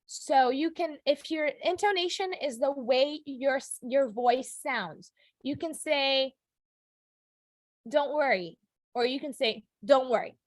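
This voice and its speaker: A woman teacher giving a chatty, upbeat English lesson to a live class, with fillers and quick self-corrections. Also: sits high, no room sound. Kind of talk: classroom lecture recorded for video.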